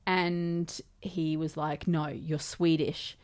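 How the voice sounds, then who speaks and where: A woman's voice: sits low, little pitch movement, slow, a little mellow. A woman in her thirties with an Australian accent, chatting casually and telling a story to the camera with lots of fillers. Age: 30s. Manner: chatty, lots of fillers, quoting others in conversation. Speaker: vlogger.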